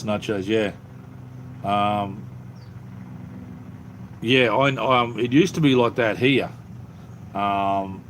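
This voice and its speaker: Aussie bloke rambling on his live stream, voice a bit on the low side, faint hum behind. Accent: Australian. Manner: rambling, laid-back, many ums and restarts. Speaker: livestream host. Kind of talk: casual live-stream chat. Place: cleared-out space under his house.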